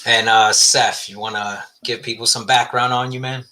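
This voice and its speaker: A man's voice: medium pitch, little pitch movement, moderate pace, pushed and bright. A middle-aged man hosting a podcast, chatting casually in a laid-back, profane way and telling stories. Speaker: podcast host.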